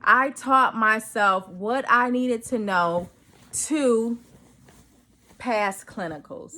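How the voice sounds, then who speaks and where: A woman vlogging at home in casual chat, telling an excited story and acting out her own quoted dialogue. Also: on the high side, drawn-out words.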